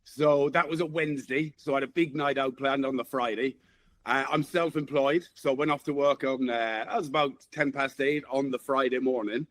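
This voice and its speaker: A man's voice: mid-range voice, fairly even intonation, moderate pace, fairly bright tone, no room sound. A man in his forties with an Irish accent, telling a story as a guest caller, swearing freely and chuckling. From Ireland. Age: 40s. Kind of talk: casual storytelling.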